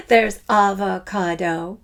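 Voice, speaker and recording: An upbeat woman leads a children's rhythm lesson and speaks straight to the learner with plenty of praise. She talks at an unhurried pace and stretches each chanted fruit name so every syllable lands on the beat. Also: mid-range voice, wildly swooping pitch. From Canada. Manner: draws out and stresses syllables while chanting fruit names. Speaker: elementary music teacher.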